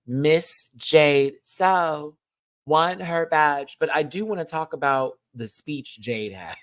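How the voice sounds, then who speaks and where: A woman chatting in a live review of a show, animated and gushing, laughing often. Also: low-pitched, slow pace.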